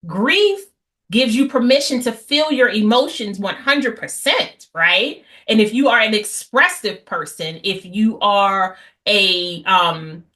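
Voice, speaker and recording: A woman's voice: mid-range voice, lively intonation, takes it slowly, bright, forceful tone. A woman teaching a class on healing, speaking bluntly and with animation, with asides and mock voices. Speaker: class host on healing after infidelity. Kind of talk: lively lecture to an audience.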